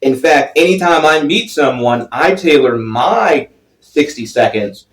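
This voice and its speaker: A man's voice: a little high, lively intonation, measured pace. A man talks through business ideas one step at a time, like a patient teacher. His voice sounds a little distant from the mic. The room around him is echoey. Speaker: podcast co-host, financial advisor. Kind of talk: casual podcast chat.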